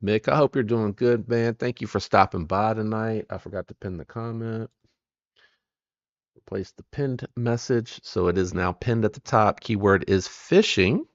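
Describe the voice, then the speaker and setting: A low, gravelly man talks through a relaxed, rambling live stream and greets viewers by name. The sound is dry and a little dull, like a lo-fi desk mic. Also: normal speed, no echo. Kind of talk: casual live-stream chat.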